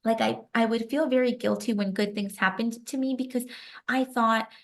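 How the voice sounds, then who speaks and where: At a normal speed and fairly high pitch, a young adult woman shares a personal story as a guest author in an interview. The telling is emotional and animated, full of "like" as a filler.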